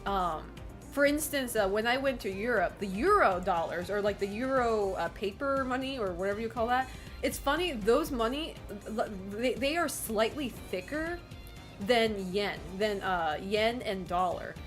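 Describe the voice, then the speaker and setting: A woman's voice: fairly high pitch, expressive, moderate pace, soft background music. A young woman streaming from home, chatting casually with her viewers in a rambling, giggly way and swearing freely. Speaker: game streamer. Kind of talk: casual chat with live chat.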